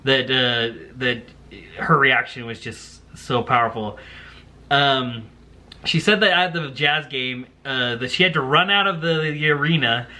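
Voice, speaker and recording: A young man casually commenting on his own video, telling stories in a chatty, animated way. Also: mid-range voice, unhurried. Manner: chatty, animated storytelling with put-on quotes.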